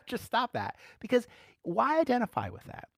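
A man giving conversational Bible teaching as a preacher, relaxed, laughing lightly and repeating key phrases. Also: very high voice, measured pace, vocal fry, dry recording, studio quality.

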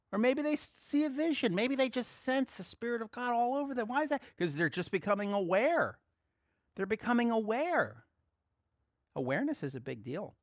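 A man preaching a sermon, swinging between soft, quiet asides and loud, excited exclaiming. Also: high-pitched, brisk, no echo, studio quality.

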